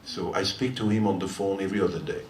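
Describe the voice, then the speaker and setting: Speaking quickly in a low voice with fairly even intonation, an older man from France, a guitarist, spins a long, meandering tale on stage between songs. He has a French accent and laughs often in his chatty telling. The live-audience listening hall comes across as spacious and distant, with a little faint noise.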